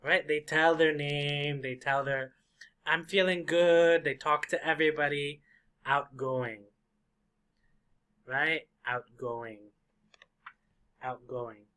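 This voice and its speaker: A young man teaching English vocabulary, drilling each word again and again. His voice sits a bit high and sounds bright and forceful. He talks at a very unhurried pace. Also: fairly even intonation, clean tone. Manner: slow, repetitive drilling of words. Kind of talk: vocabulary lesson.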